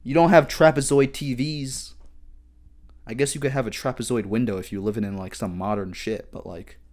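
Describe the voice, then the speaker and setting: A man in his twenties hosting a solo comedic podcast, rambling and swearing with heavy slang and animated outbursts. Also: mid-range voice, normal speed. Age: 20s. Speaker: podcast host.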